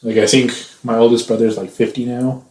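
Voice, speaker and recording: A man's voice: mid-range voice, level tone, brisk, a little mellow, distant mic. A man in his thirties, co-hosting a podcast in casual chat, sarcastic and teasing, swearing freely. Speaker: podcast co-host. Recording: roomy echo.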